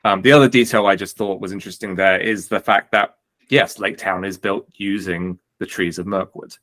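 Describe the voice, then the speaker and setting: A man's voice: low-pitched, fairly even intonation, moderate pace, fairly bright tone. A man co-hosting a casual tabletop gaming podcast, trading dry joking asides. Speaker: podcast co-host.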